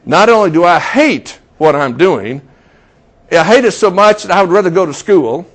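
A man's voice: sits high, expressive, moderate pace. A man voicing an upset teenage boy. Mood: upset, pleading. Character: upset fifteen-year-old boy pleading.

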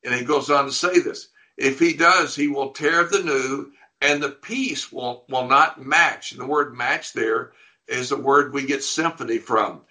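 A man with a bright, forward voice at middle pitch, teaching through a passage of scripture. He reads verses aloud and then explains them, often stopping to restart a phrase. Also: unhurried. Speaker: pastor.

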